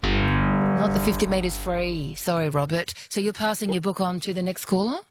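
A woman's voice: lowish voice, fairly even intonation, normal speed, loud music behind the voice. A woman hosting a radio quiz, teasing and laughing easily with a caller. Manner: playful, teasing, laughs often. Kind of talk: casual radio chat.

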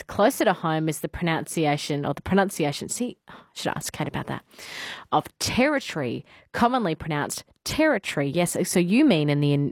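Low-voiced chatty Australian woman host. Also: no echo, studio quality. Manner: chatty, laughs easily, emphatic. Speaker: radio host. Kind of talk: casual radio chat.

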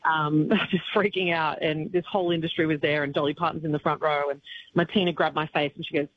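A woman's voice: deep voice, quick pace, slight background noise. Grieving woman singer, chatty, lo-fi line. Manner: tearful yet chatty, many restarts and fillers, laughs often. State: upset, grieving. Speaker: country singer, interview guest. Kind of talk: emotional casual chat.

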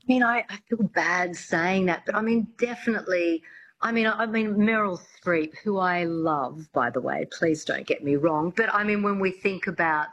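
A woman's voice: on the low side, moderate pace, a bit bright, low-quality recording. A woman, a coach chatting as an interview guest, with lots of restarts and fillers. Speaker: accent coach.

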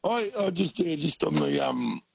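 An Australian man on a call-in line, his voice deeply gravelly and pitched a little high. He talks in a folksy, halting way, full of fillers and pauses as he gathers his thoughts. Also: animated, crowd noise, poor audio. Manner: hesitant, folksy, many fillers. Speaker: caller. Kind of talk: radio call-in chat.

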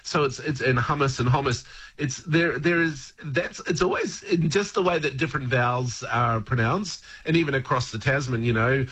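Husky man, rambling radio guest. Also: medium pitch, normal speed, hardly any pauses, fairly bright tone. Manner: rambling, hesitant, chuckling often. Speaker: radio guest, language commentator. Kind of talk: casual radio chat.

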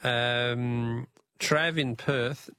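A man's voice: medium pitch, steady tone, drawn-out words, pushed and bright, clean tone, no room sound, clean studio sound. An Australian man hosting a radio talkback quiz in a chatty, jokey way, chuckling at himself between callers.

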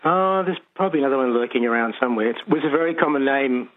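A man's voice: medium pitch, rapid-fire. A man from Sydney, calling in to a radio show, rambling with chuckles and lots of ums. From Sydney, Australia. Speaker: caller. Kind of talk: casual chat on the phone. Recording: tinny phone line.

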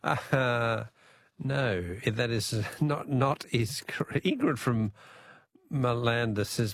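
A man's voice: medium pitch, takes it slowly, no echo. A man with an Australian accent, hosting a talkback radio quiz, chatting and laughing easily with callers. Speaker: radio host.

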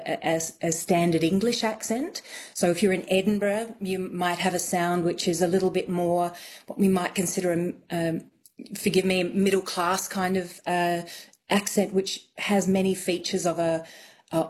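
A woman's voice: fairly low pitch, a little mellow, slight background noise. A woman accent coach as a radio guest, explaining thoughtfully with frequent ums.

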